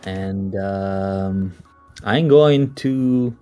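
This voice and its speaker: Brief: male tabletop player, lowish voice, rambling and self-mocking, faint music behind. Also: very slow, dark tone, smooth. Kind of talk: tabletop game chat.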